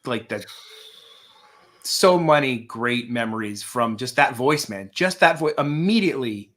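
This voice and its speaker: Hoarse man, bright voice, chatty co-host. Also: mid-range voice, animated, measured pace. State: hoarse from allergies. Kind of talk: casual chat. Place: home.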